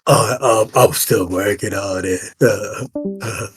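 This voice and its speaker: A man's voice: lowish voice, takes it slowly, soft background music. A man narrating as game master in a tabletop game, playful and often laughing.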